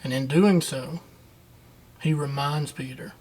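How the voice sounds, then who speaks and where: A man's voice: a little high, unhurried, long pauses, fairly bright tone, slight background noise. A man teaching a children's Bible lesson, retelling the story in a folksy, conversational way.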